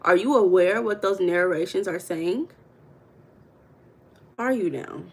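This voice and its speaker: A woman's voice: lowish voice, takes it slowly, husky. A woman from the United States hosting a casual livestream, greeting viewers by name and talking about money mindset in a chatty, playful way.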